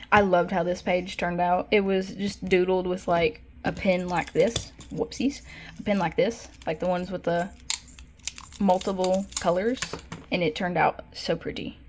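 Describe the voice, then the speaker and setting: A young woman art vlogger with a mid-range voice leads a relaxed sketchbook tour, with slight background noise. She rambles, fills pauses, corrects herself often, and gets excited in bursts over her favorite drawings.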